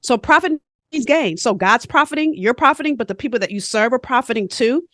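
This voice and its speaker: A woman with a fairly high voice, speaking as a guest coach in a podcast interview. She tells her stories in an animated, emphatic way. The recording is dry and close, with no room sound. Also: dry recording.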